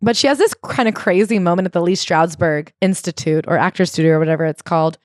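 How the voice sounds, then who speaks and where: A woman co-hosting a podcast, chatting casually about a memoir, animated and jumping high in pitch when excited, swearing casually. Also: quick pace, no echo, clean studio sound. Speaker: podcast co-host. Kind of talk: casual book club chat.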